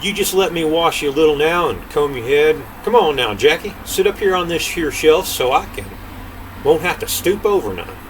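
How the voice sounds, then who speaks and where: Grandpa doing a sweet-talking sneaky old giant lady, higher voice. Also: lively intonation, moderate pace, distant mic, slight background noise, lightly acted, poor audio. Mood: coaxing. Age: older. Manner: coaxing, sugary.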